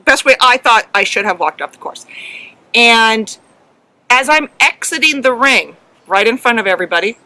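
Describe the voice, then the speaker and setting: Bright-voiced earnest middle-aged woman. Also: a little high, lively intonation, slight background noise, low-quality recording. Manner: earnest, emotional, halting with many ums. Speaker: podcast co-host and herding judge. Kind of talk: casual storytelling chat.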